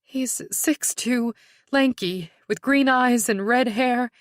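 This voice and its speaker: A woman's voice: a little high, takes it slowly, no room sound, studio quality, voice pushed up. A woman voicing a terrified adult woman who pleads frantically for her family. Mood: pleading.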